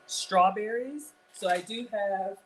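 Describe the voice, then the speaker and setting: A woman from Ghana, in her forties, cooks live in her home kitchen while chatting with viewers, reading comments, and joking about herself. She talks slowly at a medium pitch against a noisy background.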